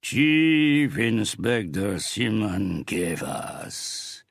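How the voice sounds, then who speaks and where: A man voicing a huge, theatrical crime boss who speaks in slow, mocking, thundering tones. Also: very deep voice, expressive, creaky, breathy edge, no room sound, clean studio sound, full character voice.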